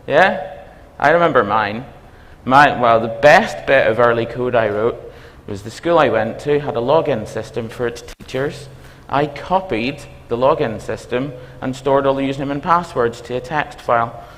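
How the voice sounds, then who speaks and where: A man with a Belfast accent giving a conference talk as a university dean, talking fast and quizzing the audience. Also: medium pitch, fairly bright tone. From Northern Ireland. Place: lecture hall. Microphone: stage microphone. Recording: reverberant hall.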